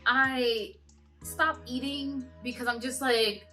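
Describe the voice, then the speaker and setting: A woman in her twenties with a bright, slightly high voice tells a personal story to camera. She speaks in a halting, earnest way, with many restarts. Soft music plays faintly behind her. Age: 20s. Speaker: vlogger.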